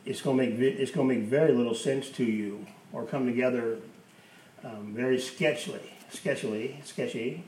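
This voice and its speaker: A man's voice: medium pitch, moderate pace, a little mellow. A man preaching a sermon as pastor, emphatic, repeating key phrases for effect. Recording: roomy, distant mic with faint hiss.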